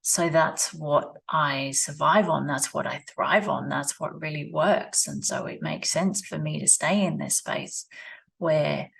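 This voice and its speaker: A woman, talking slowly and reflectively in a personal vlog, repeating her phrases as she thinks aloud at her rural home. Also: deep voice, steady tone, gravelly, a bit bright, breathy edge. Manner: slow, musing, repeats phrases. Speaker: vlogger. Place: rural home with animals nearby.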